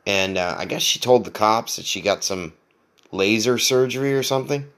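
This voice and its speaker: A man's voice: on the low side, normal speed, a bit bright. A man hosting a podcast, telling a long story casually, with lots of swearing, restarts and laughter. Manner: rambling, profane, self-mocking, laughs often. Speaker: podcast host.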